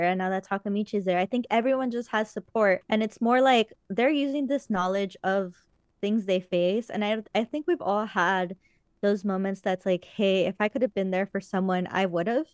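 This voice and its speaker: A woman's voice: mid-range voice, normal speed, clear, resonant tone, no echo, studio quality. A woman chatting casually as a podcast co-host, rambling earnestly with many fillers. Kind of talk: casual chat.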